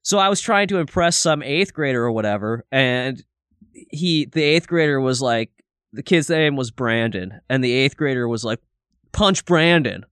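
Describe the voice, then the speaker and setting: A man's voice: mid-range voice, animated, moderate pace, fairly bright tone, clean tone, no echo, clean studio sound. A man in his thirties co-hosting a podcast, telling a rambling, profane story in casual chat. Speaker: podcast co-host.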